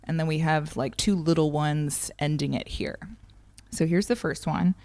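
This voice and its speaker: A woman's voice: sits low, fairly even intonation, moderate pace, darkish tone, soft background music. A woman teaching a ukulele lesson, patiently counting beats and calling out strum patterns. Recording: ukulele playing behind the voice.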